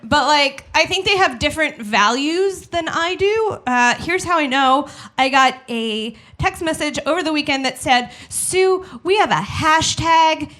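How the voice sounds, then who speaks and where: A young woman performs stand-up in a small studio, chatty and self-deprecating. She acts out the people she quotes. Her voice is high and bright. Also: lively intonation, normal speed, hardly any pauses. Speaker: stand-up comedian. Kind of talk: stand-up comedy set. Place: small studio with live audience.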